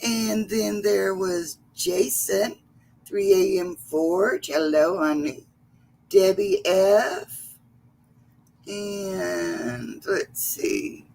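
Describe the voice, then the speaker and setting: Slow-talking, gravelly-voiced woman host. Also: mid-range voice, sing-song, darkish tone, a little hiss or hum. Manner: chatty, greets viewers by name with endearments. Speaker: livestream host. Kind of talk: casual livestream chat.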